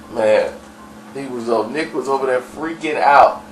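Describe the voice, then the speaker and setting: A man's voice: mid-range voice, unhurried, a little hiss or hum. A man telling a story in a loose, slangy, rambling way. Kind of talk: casual storytelling. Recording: roomy, distant mic, faint ambience.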